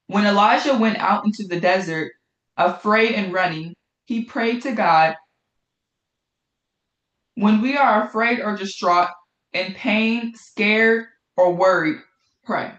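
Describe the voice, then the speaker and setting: Speaking at a measured pace, a woman with a mid-range, fairly bright voice gives a casual Bible study. She talks conversationally and repeats phrases for emphasis, and the room has an echo.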